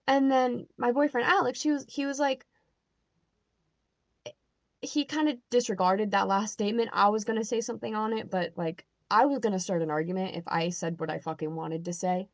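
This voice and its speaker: A woman's voice: medium pitch, normal speed, dry recording. Exasperated young woman ranting, dry sound. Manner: animated, filler-heavy, exasperated. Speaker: vlogger. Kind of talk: casual storytelling rant.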